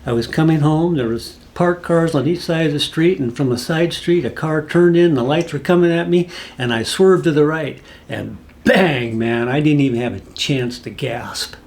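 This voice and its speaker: Gravelly-voiced man telling a folksy story. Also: a little high, normal speed, few pauses, a little mellow. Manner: rambling, folksy storytelling with asides. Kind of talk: casual spoken anecdote.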